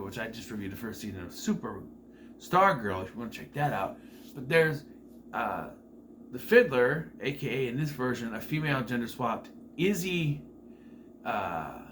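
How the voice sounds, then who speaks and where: A man's voice: mid-range voice, fairly bright tone, slight background noise. A man giving a casual spoken review of a TV season, rambling with frequent fillers and self-corrections and the odd wry, incredulous aside.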